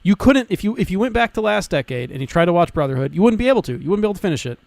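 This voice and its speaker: A young man on a podcast who gets excited, swears freely and keeps restarting his sentences. His voice sits a bit high for a man and sounds dry and close to the mic. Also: very fast, vocal fry, no room sound. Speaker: podcast co-host. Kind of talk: casual podcast chat.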